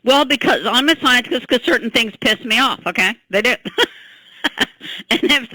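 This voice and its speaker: An older woman scientist, an interview guest telling how she invented a product, emphatic and animated, laughing and tossing in "okay?". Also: a little high, dry recording, low-quality recording.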